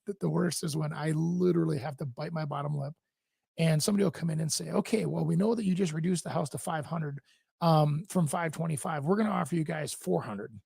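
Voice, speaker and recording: A man's voice: a little high, brisk, gravelly, breathy edge, no room sound. A man from Minnesota, a real estate agent co-hosting a radio show in a studio, bluntly telling deal stories and acting out both sides of the talk. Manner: blunt, animated storytelling, acts out both sides of his deals. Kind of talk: casual studio chat.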